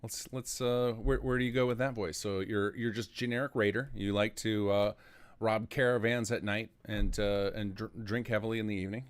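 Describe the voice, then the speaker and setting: A man's voice: on the low side, steady tone, normal speed, smooth. A man hosting a modding livestream, chatting casually and enthusiastically with his guest. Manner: enthusiastic, organizing. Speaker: stream host, game modder.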